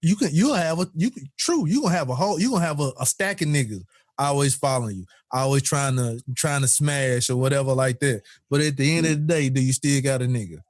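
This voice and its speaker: A man co-hosting a podcast in casual chat, animated and laughing as he acts out quotes. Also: mid-range voice, fast, no echo, clean studio sound. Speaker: podcast co-host.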